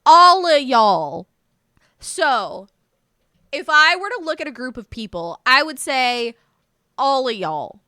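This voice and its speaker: A woman from North Carolina with a North Carolina Southern accent, chatting casually with viewers on a live stream in a rambling, animated way. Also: sits high, a little slow, dry recording, studio quality.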